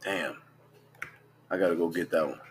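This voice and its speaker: A man's voice: deep voice, fairly even intonation, normal speed, slight background noise. A young man, talking bluntly and profanely in a casual livestream, scrolling through screenshots as he goes. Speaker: vlogger.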